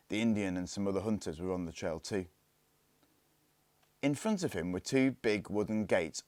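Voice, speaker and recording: Deep-voiced man reading a story. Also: no room sound. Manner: calm, hushed in tense parts. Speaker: story reader. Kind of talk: storybook narration.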